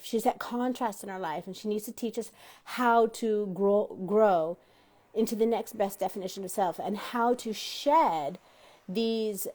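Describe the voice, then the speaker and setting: A woman hosting a motivational self-help talk show, teaching an audience and often asking them questions directly. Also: mid-range voice. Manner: animated, addresses listeners directly with questions; acts out quoted dialogue in varied voices.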